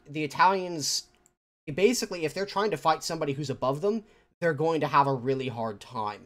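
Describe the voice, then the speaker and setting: Man, podcast guest, opinionated, hesitant, lots of filler words. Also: fairly high pitch. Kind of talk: casual gaming podcast chat.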